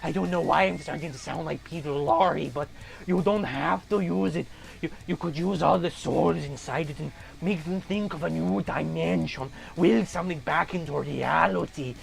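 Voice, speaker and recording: A creepy villainess, as a man puts her on wheedles in a soft, lowered voice. It drifts into an old-film-villain creepiness with a gravelly texture. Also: normal speed. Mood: wheedling.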